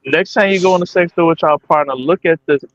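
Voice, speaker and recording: A man's voice: a little high, fast. A man joining a casual podcast chat, laid-back and joking. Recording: slightly dull lo-fi sound.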